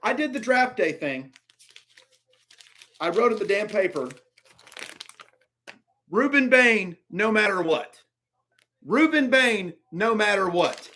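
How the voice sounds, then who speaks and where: A man reacting live to a football draft in an exasperated, ranting way, swinging between low muttering and sudden outbursts. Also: lively intonation, takes it slowly, long pauses, bright, forceful tone, a little hiss or hum.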